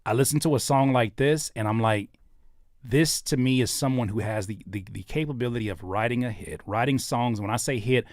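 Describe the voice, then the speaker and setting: A man's voice: medium pitch, fairly quick, darkish tone, no room sound, studio quality. A man hosting a live stream, reacting to listeners' songs in casual, thoughtful talk with many fillers and restarts.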